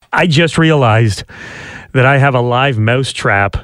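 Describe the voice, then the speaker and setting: A man's voice: medium pitch, takes it slowly, fairly bright tone, no echo. A man in his thirties hosting a radio show, joking and teasing in casual banter. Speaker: radio host.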